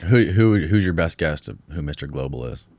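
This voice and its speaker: Very deep-voiced male podcast host. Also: fairly quick, no room sound. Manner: relaxed, frequent backchannel murmurs. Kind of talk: casual interview chat.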